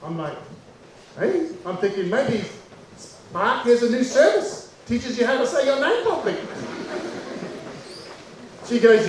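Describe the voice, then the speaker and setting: A man with a New Zealand accent tells a funny story on stage, acting out each character as he goes. His voice sits high and bounces around a very echoey room. He is picked up from a distance, with faint noise behind him. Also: a little slow, pauses often. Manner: animated, acts out voices of people in his story. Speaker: comedian. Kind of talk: stand-up storytelling.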